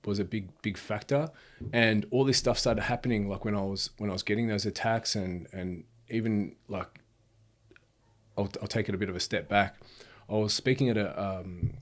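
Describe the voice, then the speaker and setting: A man in his thirties, a podcast guest telling his story in an earnest, rambling way, full of restarts and "bro". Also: lowish voice. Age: 30s. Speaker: podcast guest, speaker and author. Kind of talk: casual storytelling chat.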